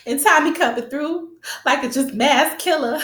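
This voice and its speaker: A woman's voice: high voice, moderate pace, reverberant. A woman recapping a TV episode in casual, slangy chat, speaking straight to her viewers and acting out scenes with sound effects. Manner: animated storytelling with sound effects and laughter.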